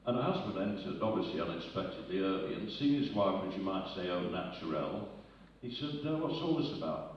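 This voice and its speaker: Man, live stand-up jokes, wandering and chuckling, far off in a booming hall, muffled and hissy. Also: animated, brisk, hardly any pauses. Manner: rambling, loses his place, chuckles at his own jokes. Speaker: comedian. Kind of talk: live stand-up joke telling. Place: live arts centre stage with audience.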